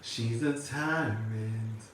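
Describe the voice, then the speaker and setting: A flamboyant, sassy male vlogger chats casually with his viewers, constantly calling everyone "girl" and "honey" and bursting into song and laughter. His medium-pitched voice moves very slowly. He's far from the mic in an echoey room, with a little hiss or hum.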